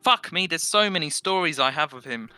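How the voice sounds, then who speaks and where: A young man, a podcast guest, rambling through animated stories and swearing freely in casual chat. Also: on the high side, a little fast, smooth, soft background music. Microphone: headset.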